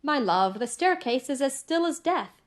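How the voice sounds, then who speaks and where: A woman voicing a kind, composed elderly father who speaks in a calm, soothing way in an audiobook. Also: sits high, moderate pace.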